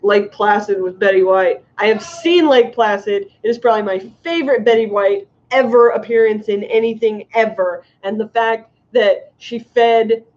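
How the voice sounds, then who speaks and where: A woman's voice: mid-range voice, normal speed, few pauses, darkish tone. A middle-aged woman chatting casually on a livestream, rambling and giggling as she reads comments. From United States. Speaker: fishkeeping livestream host. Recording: muffled lo-fi stream audio.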